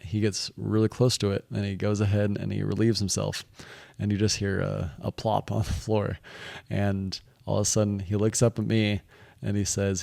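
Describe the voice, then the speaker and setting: A young man recounts his work stories in a casual, rambling monologue, with constant restarts and "he's like" asides. His voice sits low and stays quite flat in pitch. The recording is dry and close, with no room sound. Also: creaky, no echo. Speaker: vlogger recounting work experiences.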